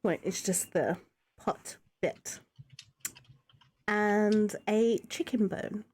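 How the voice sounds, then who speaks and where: A woman running a tabletop game as game master, halting as she speaks, with many fillers and restarts. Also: medium pitch, a little mellow.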